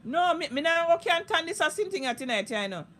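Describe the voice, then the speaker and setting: High, bright-voiced Jamaican woman ranting. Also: big pitch swings, normal speed. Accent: Jamaican Patois. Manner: heated, profane, repetitive ranting. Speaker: social media live streamer. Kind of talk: unscripted live-stream rant.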